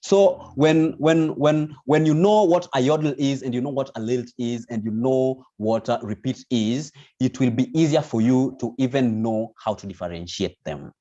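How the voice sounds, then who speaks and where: A man's voice: medium pitch, moderate pace, few pauses, dark tone. A man teaching an online vocal lesson, explaining patiently with many restarts. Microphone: video call. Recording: dull lo-fi video call audio.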